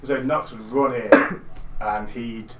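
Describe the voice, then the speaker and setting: A man's voice: medium pitch, steady tone, slow pace, a bit bright, slight background noise. A man playing a tabletop role-playing game, loosely describing what his character does. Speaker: player. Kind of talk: casual tabletop play. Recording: roomy and from a distance.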